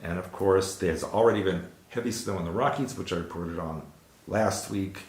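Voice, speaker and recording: A man's voice: deep voice, moderate pace, reverberant. A man hosting a casual news chat show, reading weather stories with jokey asides. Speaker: show host.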